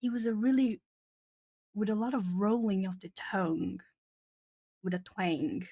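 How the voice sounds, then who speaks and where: Woman from southern Brazil, native Portuguese speaker, art stream host; chatty, rambling delivery, mid pitch, dry room. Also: a little slow, warm tone, no echo. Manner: chatty, rambling with frequent fillers and laughs. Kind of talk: casual chat with live chat.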